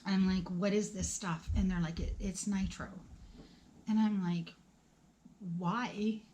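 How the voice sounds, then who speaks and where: A woman in her forties speaks to the camera at a medium pitch, telling her own story in plain, conversational words. She acts out what people said and now and then drops her voice to a whisper. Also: fairly even intonation, takes it slowly, dark tone, slight background noise. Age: 40s. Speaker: vlogger.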